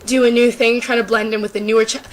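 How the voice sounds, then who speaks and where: A woman's voice: on the high side, level tone, fast talker, very noisy. Sick teenage girl rambling to camera. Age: teens. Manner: rambling, self-deprecating, many fillers. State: sick, sore throat. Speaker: YouTuber. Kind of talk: casual unscripted chat to camera.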